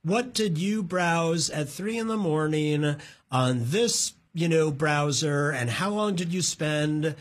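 A woman co-hosting a podcast in casual chat, animated and quick with asides. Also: low-pitched. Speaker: podcast co-host.

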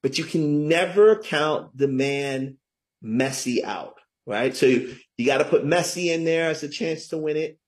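Speaking at a measured pace in a voice on the high side, a middle-aged man is the guest author in a conversational interview. He's enthusiastic and keeps adding "right?" to his points.

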